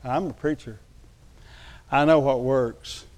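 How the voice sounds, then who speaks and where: A pastor preaching a lively sermon to his church, dropping to quiet asides and then calling out loud. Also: medium pitch, slow. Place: church sanctuary.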